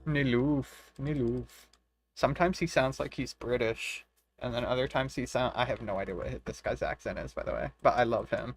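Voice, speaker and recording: A gravelly-voiced man commentating his own gameplay in loose, casual talk. He swears freely and laughs a lot, and he reads the on-screen dialogue aloud as he goes, at an ordinary middle pitch. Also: fairly quick. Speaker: streamer playing a retro online game.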